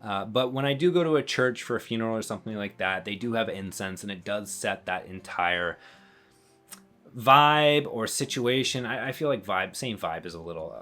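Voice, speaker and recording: A man talking casually to camera in a relaxed, rambling way, with many fillers and small laughs. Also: lowish voice. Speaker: channel host.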